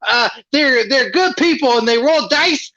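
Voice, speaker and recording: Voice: high voice, animated, measured pace, pushed and bright, muffled recording, full character voice. A performer voicing a naive, childlike wrestling sidekick who rambles earnestly and turns weepy. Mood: rambling. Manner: rambling and earnest, tearful at times. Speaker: sidekick co-host. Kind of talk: comedy wrestling sketch.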